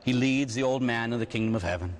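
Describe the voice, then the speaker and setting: A man preaching at a retreat, telling a story with animated delivery and frequent rhetorical asides. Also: medium pitch, fast. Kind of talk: storytelling sermon. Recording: long echoing hall reverb.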